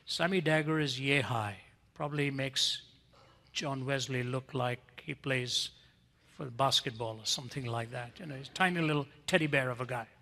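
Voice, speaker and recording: A man preaching a storytelling sermon, swinging from hushed, intimate lines to loud, emphatic ones. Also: mid-range voice, moderate pace. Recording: long reverb of a large hall.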